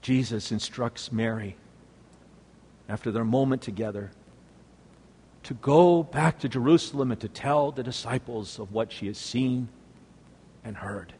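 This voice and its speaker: Slow, dramatic male preacher in a hall. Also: mid-range voice, slightly rough. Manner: sweeping swings between loud exclamation and hushed near-whisper. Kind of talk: dramatic sermon storytelling.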